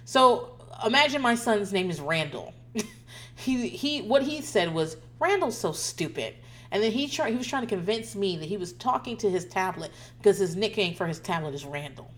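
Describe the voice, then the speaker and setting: Woman, mother, casual storytelling, frequent laughter, profanity, animated quotes, mid pitch. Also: normal speed. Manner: laughs often, swears, animated retelling with quoted voices. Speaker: mother telling family stories.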